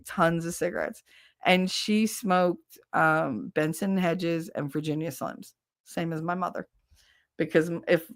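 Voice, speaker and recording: A middle-aged woman hosting a livestream, telling a profane, animated story and laughing often. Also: lowish voice, no echo, studio quality. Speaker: livestream host. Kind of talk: casual storytelling.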